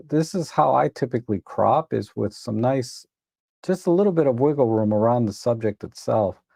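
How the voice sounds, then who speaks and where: On his live photo editing stream, a man reviews viewers' edits in casual commentary, relaxed and rambling with many self-correcting restarts. He's tired and admits to yawning, and his gravelly, mid-range voice comes through in studio quality with no echo.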